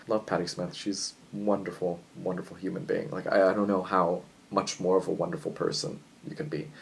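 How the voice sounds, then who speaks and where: A young man chatting casually in a book vlog, excitable and a little jittery from coffee, swinging between loud enthusiasm and quiet musing. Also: low-pitched, creaky, poor audio. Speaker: book vlogger.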